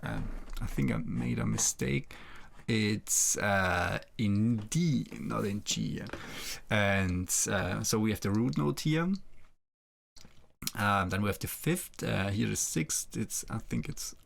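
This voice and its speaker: A man explaining music production in a screen-share tutorial, halting and filling pauses with "uh" and "like" as he thinks. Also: lowish voice, gravelly. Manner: halting, filler-heavy explaining.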